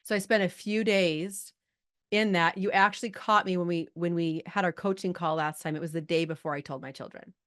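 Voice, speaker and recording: A woman's voice: on the low side, brisk. Chatty woman coaching a live call. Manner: chatty, lively, talks to the chat audience. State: emotional, holding back tears. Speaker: life coach hosting a live group call. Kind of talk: casual coaching talk.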